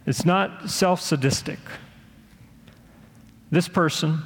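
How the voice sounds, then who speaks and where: A man preaching a sermon in a slightly high, gravelly voice. His delivery is earnest, and he sometimes acts out the voices of people he quotes. A long reverb from a large hall trails behind his words. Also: takes it slowly. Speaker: pastor.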